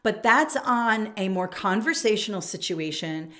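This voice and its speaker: A woman's voice: mid-range voice, lively intonation, unhurried, sharp tone. A woman in her forties coaching teachers on email habits, talking straight to camera in a direct, emphatic way and reading sample emails aloud. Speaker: education coach. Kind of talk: instructional talk to camera.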